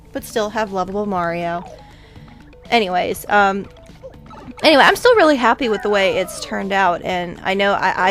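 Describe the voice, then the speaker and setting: A woman hosting a video game playthrough, talking through it in a chatty, rambling way with many asides. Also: medium pitch. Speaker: let's play host. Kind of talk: casual game commentary.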